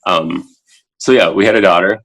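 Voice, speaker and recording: A man in his thirties, a podcast guest talking casually from a child's room at home, halting and full of filler words, turning animated when he acts out his own past words. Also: low voice, poor audio. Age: 30s. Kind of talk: casual interview talk.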